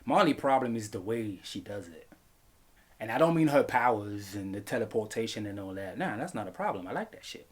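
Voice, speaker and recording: A man reviewing a film in a comedic vlog, animated and profane, laughing often. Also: lowish voice, brisk, husky.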